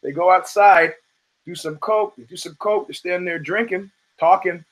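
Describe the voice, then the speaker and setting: A show host from the US rolls through a laid-back, profanity-laced monologue, performing the voices of those in his anecdotes. He has a high voice and a moderate pace, though the audio is poor.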